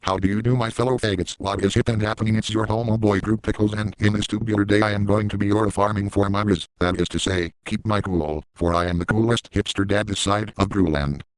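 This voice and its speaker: A man voicing a crude, boastful middle-aged cartoon dad in a parody comedy video, speaking in a deadpan way. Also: fairly low pitch, fairly quick, few pauses, dry recording, lightly acted, low-quality recording. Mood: hyped. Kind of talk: parody voice acting.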